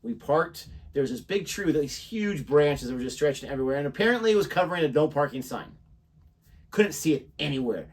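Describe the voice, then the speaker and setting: A man's voice: on the high side, expressive, a little fast, slightly rough, far from the mic. A young American man, co-host of a reaction channel, telling a story in casual chat and acting out the voices of the people in it. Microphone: desk microphone.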